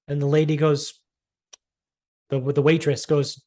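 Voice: mid-range voice, monotone, normal speed, long pauses, dark tone. Brief: exasperated podcast host ranting a story, swearing freely, mocking tone. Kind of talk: casual storytelling rant.

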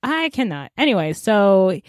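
A woman co-hosting a podcast, retelling a book's plot in a chatty, animated way, full of fillers and acted-out character lines. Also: medium pitch, unhurried, no echo, clean studio sound. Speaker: podcast co-host. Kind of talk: casual book-recap chat.

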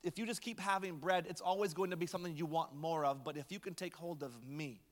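Man, pastor, high voice, chatty preaching with humor, echoing hall. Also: fast. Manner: conversational storytelling with light humor. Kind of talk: sermon.

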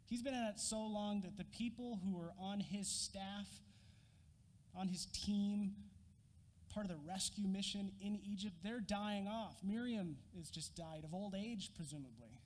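High-voiced animated preacher man. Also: unhurried, long reverb tail. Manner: animated storyteller, acts out scenes with a prop. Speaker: pastor. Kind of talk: sermon.

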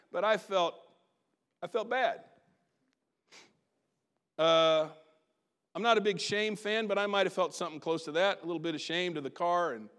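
A high-pitched middle-aged pastor relates a personal story from the pulpit. His telling is lively at first and then falls to quiet asides.

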